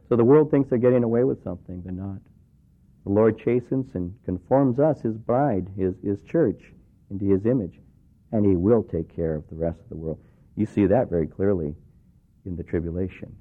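A man's voice: low voice, normal speed. Preaching man on a tinny radio broadcast. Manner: conversational preaching, acts out quoted voices. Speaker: pastor. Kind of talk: sermon.

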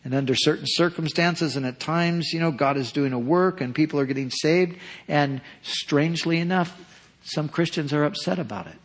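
A man preaching a sermon, earnest and measured, repeating phrases for emphasis. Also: fairly high pitch. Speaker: pastor.

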